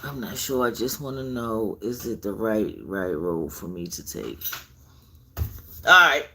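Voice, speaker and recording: A woman's voice: a bass voice, sing-song, unhurried, bright, forceful tone, slight background noise. A woman giving a live tarot reading, chatting directly to her viewers and drifting into asides as she goes. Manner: chatty, addresses viewers directly, digresses while searching for things. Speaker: tarot reader.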